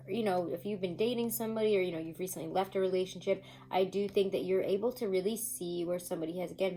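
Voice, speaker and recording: A woman's voice: on the low side, darkish tone, a little hiss or hum, low-quality recording. A woman doing a casual tarot reading to camera, chatty and rambling, often breaking into laughter. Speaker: tarot reader.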